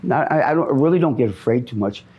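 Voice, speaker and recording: A man's voice: mid-range voice, lively intonation, quick pace, slightly rough, dull audio. A middle-aged man from Minnesota answering interview questions on the street, rambling, repeating himself and often ending with "man.".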